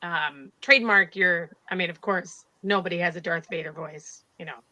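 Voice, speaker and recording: A woman co-hosting a casual online chat show, chatty and prone to halting restarts. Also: on the low side, steady tone, sharp tone. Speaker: co-host.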